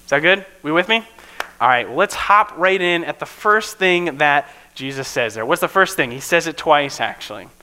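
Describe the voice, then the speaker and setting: Bright-voiced man giving a casual sermon. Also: a little high, expressive, normal speed, clear, resonant tone, rough recording. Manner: keeps checking in with listeners with "right?". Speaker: preacher.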